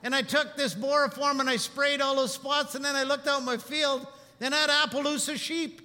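A male pastor preaching a sermon, telling stories and moving between hushed reflection and animated telling. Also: extremely high pitch, a little fast, in a large hall.

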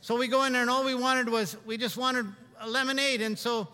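High, bright-voiced preaching pastor. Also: male voice, flat delivery, brisk, smooth, in a large hall. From Canada. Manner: conversational preaching, rising for emphasis, often repeating himself. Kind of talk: sermon. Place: church sanctuary.

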